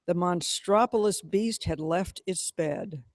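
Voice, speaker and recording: A man giving a measured, dramatic reading of a novel. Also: high voice, no room sound, studio quality. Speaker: reader.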